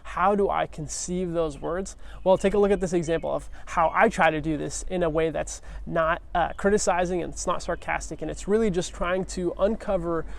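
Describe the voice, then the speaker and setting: Earnest high-voiced man preaching casually. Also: fairly even intonation, a little fast, vocal fry, few pauses. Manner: earnest, conversational, many restarts. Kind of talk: casual sermon.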